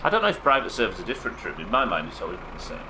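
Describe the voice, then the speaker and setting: A man's voice: on the low side, wildly swooping pitch, rapid-fire, background noise. A man streaming a game live, chatting casually with his viewers and co-players, swearing now and then as he answers their questions. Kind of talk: live gaming stream chat.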